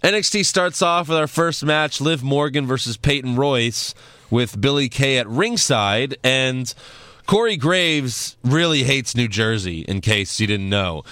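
A man's voice: mid-range voice, lively intonation, measured pace, bright, forceful tone, clear, resonant tone, no room sound. A young adult man hosting a casual chat show, teasing and laughing often. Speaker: podcast host.

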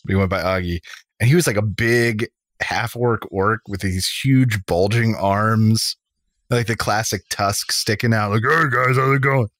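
A man's voice: fairly low pitch, steady tone, unhurried, no room sound, studio quality. A man who runs tabletop games, chatting casually and telling stories about his characters. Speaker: dungeon master and podcast co-host. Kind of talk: casual chat.

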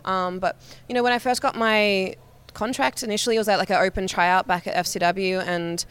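A woman's voice: mid-range voice, fairly even intonation, fairly quick, fairly bright tone, smooth. A young woman with an Australian accent and a slight American twang, telling stories as an interview guest in a rambling, giggly way full of "like" fillers. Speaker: guest, professional wrestler. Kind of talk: casual storytelling.

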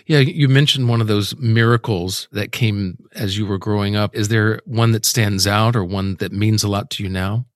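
Calm male interviewer, dry close sound. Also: lowish voice, moderate pace, hardly any pauses, no echo.

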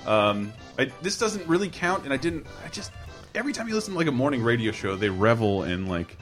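A man's voice: mid-range voice, fairly quick, soft background music. A man hosting a casual comedy podcast, telling stories in a rambling, swearing way. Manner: swearing, rambling, animated storytelling. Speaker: podcast host.

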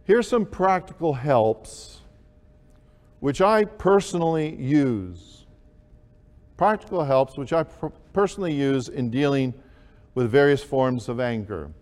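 A man preaching a sermon, slow and deliberate, with emphatic rises on key words. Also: medium pitch, expressive, darkish tone, big-room sound. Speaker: pastor.

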